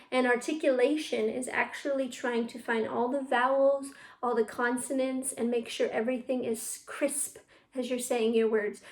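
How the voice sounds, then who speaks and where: A woman teaching an online drama class for children, upbeat and encouraging as she leads tongue twisters. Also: on the high side. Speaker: youth theatre drama teacher. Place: at home on a video call. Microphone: computer mic.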